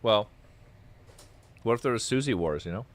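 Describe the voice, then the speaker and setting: A man's voice: fairly low pitch, expressive, normal speed, a little hiss or hum. A man hosting a casual chat, teasing his guest in a laid-back way. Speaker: host.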